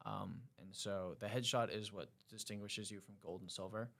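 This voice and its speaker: A young man, a cadet, talking as a guest on a podcast and telling his stories with quick energy. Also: fairly low pitch. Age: young adult. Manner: quick, animated storytelling. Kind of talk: casual podcast storytelling.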